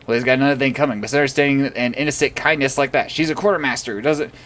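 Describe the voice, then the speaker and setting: A man's voice: mid-range voice, steady tone, fast, a bit bright, pitched above the performer's own voice, lightly acted. A man voicing an indignant, jealous male sailor who sputters as he reads the game dialogue aloud.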